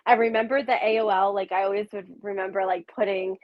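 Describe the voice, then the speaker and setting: A woman's voice: mid-range voice, steady tone, fast, no room sound. A woman chatting casually as a panel guest, giggly and talkative. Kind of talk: casual nostalgic chat. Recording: slightly dull lo-fi sound.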